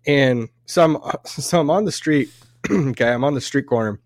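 A man's voice: mid-range voice, moderate pace, dry recording, studio quality. Rambling, laughing man telling stories. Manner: rambling storyteller, laughing and restarting often. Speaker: podcast co-host. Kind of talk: casual chat. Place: event venue, recorded live on site.

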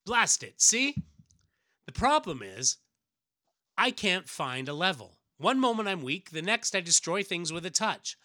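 A man's voice: high-pitched, expressive, moderate pace, hardly any pauses, bright, forceful tone, no echo, voice pushed up. A man reading aloud as a quippy young male superhero with unstable powers, in a raised, brash comic-book delivery. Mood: frustrated.

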